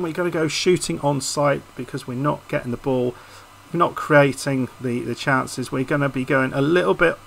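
Over footage of a football management game, a YouTube gaming host offers casual, exasperated commentary, hesitating and repeatedly restarting what he says. His medium-pitched voice is creaky with a fairly bright tone. The recording is rough, with a little hiss or hum.

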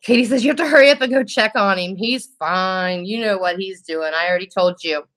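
A young woman hosting a casual makeup livestream, reading viewer comments aloud and talking in a warm, teary, laughing way. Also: medium pitch, fairly quick. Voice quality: emotional, teary and laughing, says y'all.

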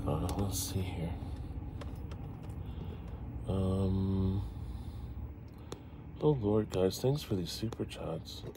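Middle-aged guy live streaming from his car, deep voice, road noise all around. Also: vocal fry. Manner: rambling, halting, reads viewer comments aloud. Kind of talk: casual live-stream chat while driving. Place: inside a car in city streets. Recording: noisy car with road sound behind.

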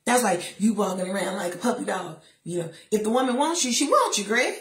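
A woman giving a lively motivational talk, telling personal stories and acting out the voices of the people in them. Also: medium pitch, brisk, reverberant. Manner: lively storytelling, acts out voices, preachy asides. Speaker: motivational speaker.

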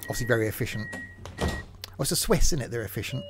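A man's voice: medium pitch, animated, quick pace. Chatty man narrating gameplay. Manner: chatty, jokey, narrates his own driving. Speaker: streamer. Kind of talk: casual gameplay commentary. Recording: game vehicle noise in background.

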